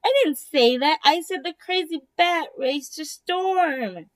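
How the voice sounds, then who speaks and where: A woman's voice: sits high, takes it slowly, pitched above the performer's own voice. A woman voicing a muddled, gossiping goose in a read-aloud storybook, talking urgently.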